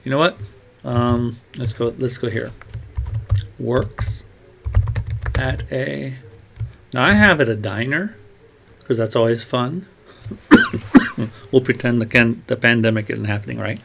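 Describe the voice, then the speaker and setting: Typing on a keyboard, a man rambles aloud as he writes, muttering to himself, meandering and trailing off into a glove-covered mic. His mid-range voice is unhurried and carries vocal fry. He pauses often, and the background is noisy.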